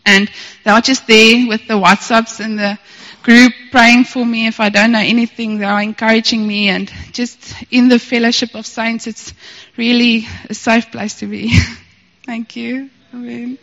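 A woman gives an excited, tearful testimony in church, laughing softly between her phrases. Her voice sits fairly high, with a long hall reverb and a dull, muffled sound. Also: unhurried. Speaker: church member sharing a testimony. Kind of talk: emotional testimony. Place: church service.

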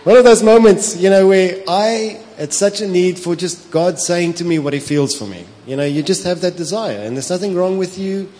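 A pastor with a South African accent, preaching a sermon, telling stories with animation, slipping into Afrikaans and laughing often. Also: male voice, high voice, normal speed, few pauses, mellow. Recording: long hall reverb with faint ambience.

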